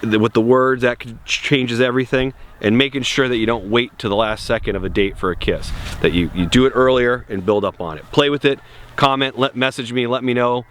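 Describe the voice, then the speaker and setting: A man's voice: medium pitch, fairly quick, a bit bright. A young man giving blunt, profane dating advice in a casual outdoor vlog. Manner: blunt and profane, laid-back. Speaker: dating coach.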